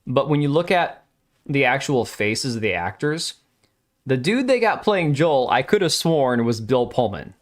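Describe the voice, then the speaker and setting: A man's voice: mid-range voice, big pitch swings, unhurried. Blunt, crude male streamer. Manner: blunt, opinionated, crude, talks back to chat. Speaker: live stream host. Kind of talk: casual live stream commentary, reacting to chat.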